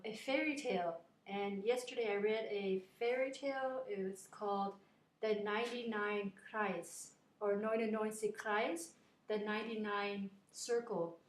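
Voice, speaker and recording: A woman casually retelling a fairy tale to a friend in a chatty, rambling way. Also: mid-range voice. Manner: chatty, rambling, with fillers and restarts. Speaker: storyteller. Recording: echoey room.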